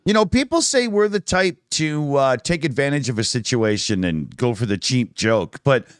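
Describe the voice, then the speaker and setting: A Canadian man co-hosts a live stream with wry, deadpan wisecracks. His voice is smooth and resonant, with a lively, swooping pitch. The sound is close and dry on a streaming mic. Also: normal speed, dry recording. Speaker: co-host. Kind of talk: casual live-stream chat.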